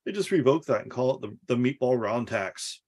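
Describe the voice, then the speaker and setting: A man's voice: medium pitch, animated, fairly quick, a little mellow. A man co-hosting a podcast, chatting casually and sarcastically about politics and swearing freely. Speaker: podcast co-host.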